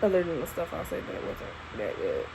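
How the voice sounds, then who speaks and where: A young woman, a new mother casually telling her birth story to camera in an expressive, profane way. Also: low voice, fairly quick, vocal fry, background noise. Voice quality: expressive, profane, animated retelling. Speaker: vlogger, new mom. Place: at home holding her baby.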